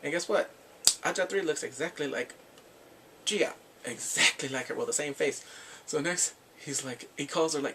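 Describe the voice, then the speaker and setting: A man giving a casual, animated recap of a drama, acting out the characters' lines in sudden squeals. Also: mid-range voice, fairly quick, slight background noise. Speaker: drama reviewer.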